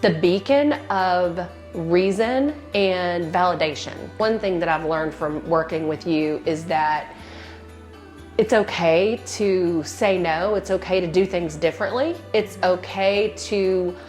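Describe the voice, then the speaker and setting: A woman's voice: lowish voice, slow pace, darkish tone, soft background music. Candid woman sharing a heartfelt story. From American South. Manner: candid, heartfelt, trailing off with fillers. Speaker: client and guest. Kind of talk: reflective personal testimonial.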